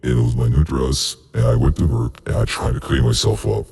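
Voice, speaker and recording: A man's voice: very deep voice, steady tone, a little fast, vocal fry, darkish tone, husky, full character voice. A man voicing a flustered young woman worker sprouting tentacles, rambling tearfully in a tabletop role-play. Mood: upset.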